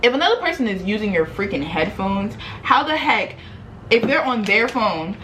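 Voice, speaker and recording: A young woman vlogger retelling a story in a casual, animated, slangy way, acting out quoted dialogue. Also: fairly high pitch, slight background noise, low-quality recording.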